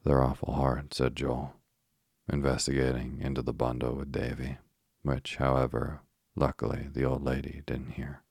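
Male sleep story narrator, slow soothing reading, husky, gravelly. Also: rumbling low, completely flat delivery, darkish tone, dry recording, studio quality.

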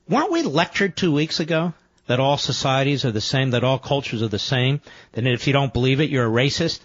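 A man's voice: medium pitch, very animated, fairly quick, fairly bright tone, slightly rough, no room sound, dull audio. A man hosting a political talk radio show, delivering an emphatic monologue that repeats phrases and builds to indignant peaks.

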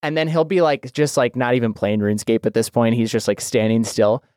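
A man's voice: mid-range voice, steady tone, fairly quick, darkish tone, clear, resonant tone, no room sound. A male podcast host with a mid-range voice rambles through anecdotes with plenty of fillers and jokes. The sound is close and dry. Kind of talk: casual chat.

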